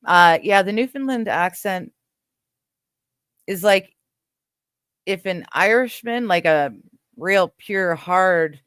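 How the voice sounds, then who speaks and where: This livestream host from western Canada speaks slowly with long pauses, her medium-pitched voice clean and a bit bright. The dry, studio-quality recording captures her casual chat as she reads comments, answers viewers, rambles easily and laughs a lot.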